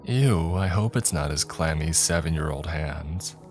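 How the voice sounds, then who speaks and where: A man's voice: rumbling low, unhurried, over music. A man voicing a playful, sick teenage girl in a story reading.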